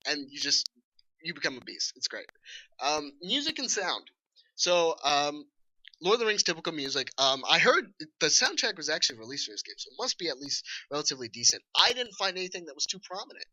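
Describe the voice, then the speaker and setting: A man casually reviewing a video game with a co-host, animated, laughing and swearing as he talks. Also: a little high, a little fast, dry recording, poor audio. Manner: animated, swearing, laughing, acts out enemy shouts.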